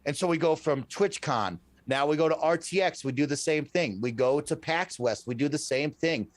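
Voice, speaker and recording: Animated man telling stories on a podcast. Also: a little high, moderate pace, dry recording. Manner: animated storyteller, often ends with "right?". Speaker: podcast guest. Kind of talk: casual podcast storytelling.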